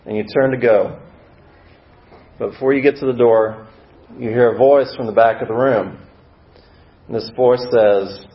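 A man's voice: mid-range voice, steady tone, measured pace, pauses often. Man preaching a story-driven sermon. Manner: vivid, acts out scenes with dramatic swings in volume. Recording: roomy, slightly dull sound.

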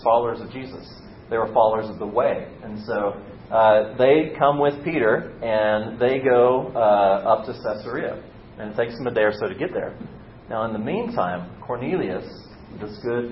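A man preaching a casual, conversational sermon, telling a story and lightly acting out the quotes. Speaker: pastor. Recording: roomy, slightly dull recording with faint rumble.

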